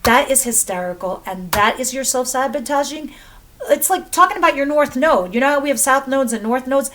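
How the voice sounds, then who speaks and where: Chatty tarot reader woman, fairly high voice. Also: animated, fairly quick, a bit bright, a little hiss or hum. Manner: chatty, swears freely, laughs at the cards. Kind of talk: casual tarot reading.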